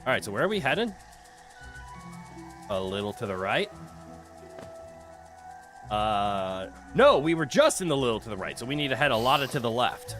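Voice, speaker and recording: A man's voice: medium pitch, big pitch swings, normal speed, long pauses, over music. A man streaming a video game in casual commentary, joking, swearing freely and laughing often, into a desk mic with a noise canceller.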